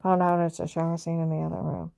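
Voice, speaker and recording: A woman's voice: low-pitched, flat delivery, fast, vocal fry, mellow, dry recording. A woman telling a personal story in a rambling, agitated monologue, often reenacting conversations and repeating herself. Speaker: vlogger recounting a personal story.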